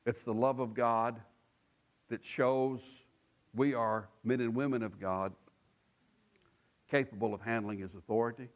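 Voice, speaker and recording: A man's voice: medium pitch, unhurried, pauses often. A man preaching a sermon as a pastor, telling stories with chuckles and repeating phrases for emphasis. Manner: animated storytelling with chuckles and asides.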